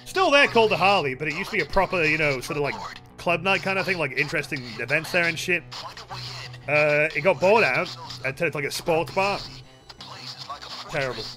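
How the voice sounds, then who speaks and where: A man with a high, bright voice rambles through a casual live stream, swearing freely as he answers chat. His pitch swings all over the place, and faint music plays behind him. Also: lively intonation, a little fast, pauses often. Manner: rambling, heavy casual swearing, chatty with viewers.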